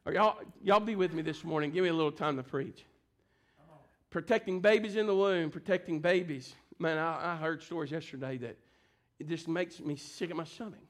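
A man preaching a sermon, telling stories and swinging between quiet, hushed passages and forceful, raised declarations. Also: a little high, a little fast. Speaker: pastor.

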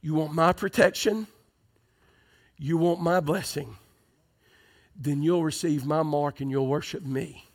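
A man voicing a tempting, menacing male Satan, in low, quiet, coaxing taunts. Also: fairly even intonation, unhurried, long pauses. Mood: coaxing menace.

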